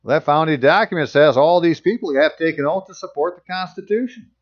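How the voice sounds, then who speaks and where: A man's voice: a little high, fairly quick, dull audio. A man reading passages aloud and commenting on them in casual, sarcastic asides as a channel host.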